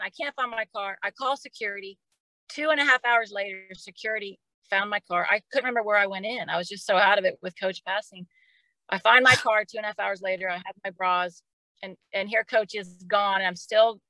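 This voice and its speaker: A middle-aged Oklahoma woman appears on a podcast to recount a personal story, her medium-pitched voice bright and clear. Emotional and casual, she tends to repeat words as she talks. The dry, close recording has little room sound, but the audio is poor overall.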